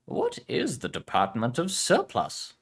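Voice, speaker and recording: A man voicing a playful, scheming middle-aged mother who drags her words out slowly as she bargains. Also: sits high, huge pitch swings, creaky, pitched above the performer's own voice, exaggerated voice. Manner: slow, drawn-out and teasing.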